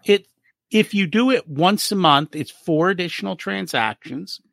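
Lively high-voiced man acting out dialogues. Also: unhurried, vocal fry, no room sound, clean studio sound. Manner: animated, acts out little dialogues. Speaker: business profitability guest. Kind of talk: casual interview explaining.

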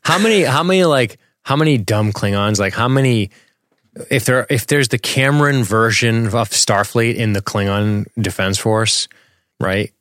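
A man with a low-pitched voice co-hosts a relaxed podcast. His banter is crude and jokey, with frequent laughter, recorded dry and close at a home setup. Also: moderate pace, no room sound. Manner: joking, profane, laughs often. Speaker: podcast co-host. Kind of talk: casual movie commentary chat.

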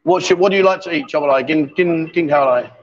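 This is a man in his fifties with a fairly high voice, hosting a loose, chatty livestream from a busy bar. He jokes and teases his guests throughout, and the sound is dull and lo-fi. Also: quick pace, slight background noise. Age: 50s. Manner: joking, teasing banter. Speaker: livestream host. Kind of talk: casual chat. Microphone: handheld microphone.

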